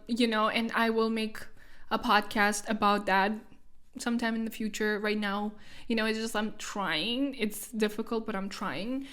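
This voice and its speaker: A woman's voice: fairly high pitch, a bit bright, clean tone. A young woman hosting her own solo podcast, talking in a chatty, rambling way with lots of fillers; her first language is Russian. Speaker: podcast host. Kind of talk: solo casual podcast chat.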